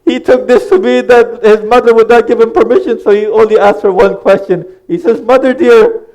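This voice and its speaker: A man's voice: extremely high pitch, steady tone, brisk, a little mellow, muffled recording. A man preaching a religious sermon. He tells the story in earnest, addresses the congregation directly, and voices each figure's lines as quoted dialogue. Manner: retells dialogue in quoted speech.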